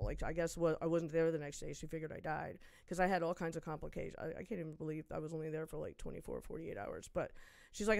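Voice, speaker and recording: A woman's voice: low voice, quick pace, creaky, hardly any pauses, no echo. A woman guest on a podcast, telling a personal story in casual chat and acting out the voices she quotes. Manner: animated, acts out quoted voices.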